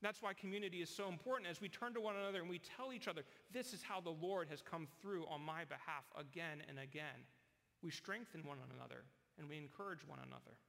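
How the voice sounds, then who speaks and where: A man's voice: fairly high pitch, quick pace, vocal fry, bright, forceful tone, big-room sound. A man preaching a sermon in an earnest storytelling manner, acting out voices in his illustrations. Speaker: pastor.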